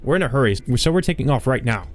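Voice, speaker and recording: A man's voice: mid-range voice, lively intonation, quick pace, close to an everyday voice. Curt, brusque young male detective, clueless, everyday voice, man reading, faint music behind. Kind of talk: visual novel dialogue read aloud.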